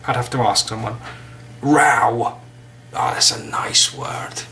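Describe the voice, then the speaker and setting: Bright-voiced English man teaching. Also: mid-range voice, fairly even intonation, slow pace, creaky, slight background noise. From England. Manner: chatty, joking asides. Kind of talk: casual vocabulary lesson.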